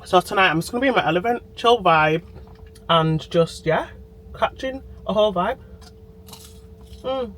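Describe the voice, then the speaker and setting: A woman's voice: mid-range voice, animated, moderate pace, long pauses, a bit bright, low-quality recording. A woman chatting to camera in a diary vlog, sitting in a parked car and talking into her phone. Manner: bubbly, chatty, talks straight to camera. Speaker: vlogger.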